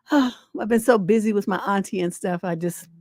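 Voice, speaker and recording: A woman's voice: mid-range voice, moderate pace, no room sound, clean studio sound. Laughing woman hosting a live stream. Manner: laughs often, reacts loudly, quotes people in playful voices. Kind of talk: casual live stream chat.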